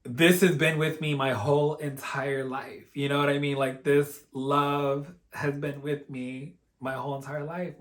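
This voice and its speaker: A man's voice: on the high side, fairly bright tone. A man casually telling a personal story in an earnest, openly emotional way, rambling and filling his talk with "like" and "you know". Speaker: spiritual vlogger.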